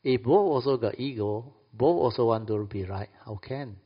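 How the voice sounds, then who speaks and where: A man's voice: medium pitch, normal speed, breathy edge. A man with a Malaysian English accent gives a sermon to an audience. He is playful, laughs often and acts out little quoted dialogues. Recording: echoey hall, dull lo-fi sound.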